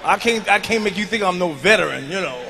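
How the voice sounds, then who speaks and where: A man telling profane stand-up comedy stories to a live audience, often shouting. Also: sits high, animated, quick pace, creaky, slight background noise.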